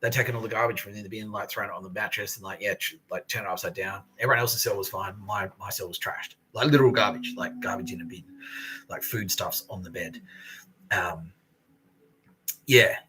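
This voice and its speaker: A man's voice: lowish voice, a little fast, pushed and bright, breathy edge, poor audio. A man, hosting a podcast and telling stories in a profane, aggrieved rant. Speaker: podcast host. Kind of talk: casual monologue storytelling.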